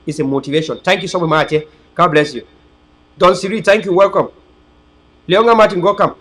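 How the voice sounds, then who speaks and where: High-voiced, preachy man. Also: lively intonation, moderate pace, a bit bright, rough recording. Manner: emphatic, preachy, repetitive. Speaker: host of an online political channel. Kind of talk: rambling livestream monologue to viewers.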